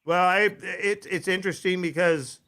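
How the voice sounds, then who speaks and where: A man's voice: sits high, fairly even intonation, moderate pace, pushed and bright. A middle-aged man hosting a live internet radio show, chatting casually and rambling with restarts and frequent "right?". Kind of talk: casual live-stream chat. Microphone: desk microphone.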